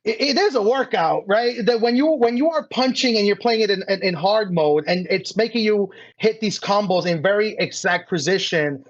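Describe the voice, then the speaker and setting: A man's voice: high-pitched, moderate pace, few pauses, highs cut off. A man co-hosting a podcast, speaking earnestly in casual chat and stumbling over repeated restarts. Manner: stammering restarts, earnest, defends his view. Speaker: podcast co-host.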